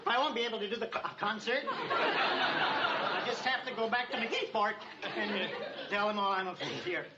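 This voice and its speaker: A jittery, stammering musician. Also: male voice, high-pitched, expressive, moderate pace, over a noisy crowd. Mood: defeated. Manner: stammering, giggly. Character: nervous, timid male musician. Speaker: sitcom character. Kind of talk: sitcom acting. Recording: muffled TV audio with loud laugh track and hiss.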